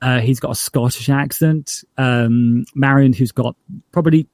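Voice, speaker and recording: A man's voice: mid-range voice, fairly even intonation, measured pace, a little mellow. A man from northern England chats through a remote interview, rambling and stopping to restart his thoughts. His voice sits mid-range, and the sound is dry and close with no room echo. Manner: rambling, hesitant, many fillers and restarts. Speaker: podcast showrunner, guest. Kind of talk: casual interview chat.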